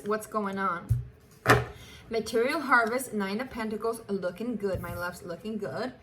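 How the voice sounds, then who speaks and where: A woman's voice: mid-range voice, a little hiss or hum. Chatty woman giving a tarot reading. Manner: chatty, affectionate, laughs often, restarts phrases. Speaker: tarot reader. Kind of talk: casual tarot reading to camera.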